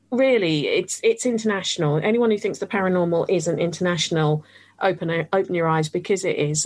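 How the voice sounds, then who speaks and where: An enthusiastic woman from the UK hosts a casual radio interview. She talks freely, gushes about what she loves and laughs easily. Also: on the low side. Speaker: radio show host.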